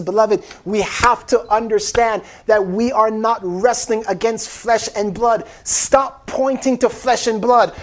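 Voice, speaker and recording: A man's voice: very high voice, normal speed. A man preaching an impassioned sermon, repeating phrases and calling his listeners beloved. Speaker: pastor.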